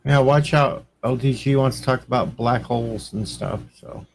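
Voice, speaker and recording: An easygoing man chats casually and calms the others down. His voice sits in a middle pitch. A faint noise runs under the recording. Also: moderate pace, gravelly. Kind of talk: casual chat.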